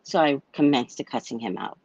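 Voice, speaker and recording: A woman's voice: a bass voice, lively intonation, brisk, creaky, a little mellow, breathy edge, no echo, highs cut off. A woman telling a personal story in a casual monologue, blunt and swearing freely as she acts out a heated argument. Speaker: psychic reader sharing a personal story.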